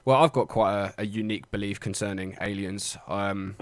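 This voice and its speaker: A young man riffs loosely on a podcast, swearing freely and joking with friends. His voice sits a little low, recorded dry and close with no room sound. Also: fairly even intonation, normal speed, no echo. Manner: sweary, jokey, puts on mock voices. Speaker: podcast co-host. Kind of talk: casual banter.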